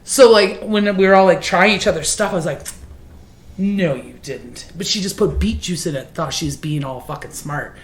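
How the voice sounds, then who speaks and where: Low-voiced woman telling stories in an echoey room. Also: a little fast, hardly any pauses. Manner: swears freely, laughs through her stories. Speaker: podcast guest. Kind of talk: casual chat, storytelling.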